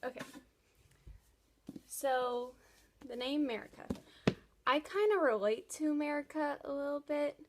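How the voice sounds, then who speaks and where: A young woman with a high voice talks casually and slowly to her camera. She gushes like an eager fan, piling on praise and heartfelt superlatives. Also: noisy background. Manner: gushing, enthusiastic fan talk. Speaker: book vlogger. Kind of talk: casual chat.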